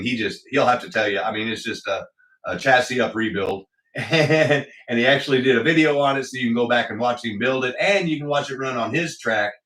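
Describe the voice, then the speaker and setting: A man's voice: lowish voice, fairly bright tone. Rambling man hosting an echoey home livestream. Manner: rambling, many fillers, greets viewers in chat. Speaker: livestream host. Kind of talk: casual livestream chat. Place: home hobby room with slot car track. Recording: echoey room, voice picked up from a distance.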